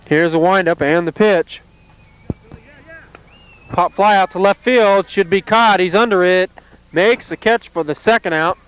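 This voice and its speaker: A man calling play-by-play at an amateur softball game outdoors, in a calm, steady, plainly descriptive way. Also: sits high, a little slow, long pauses, clean tone, rough recording. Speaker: play-by-play announcer.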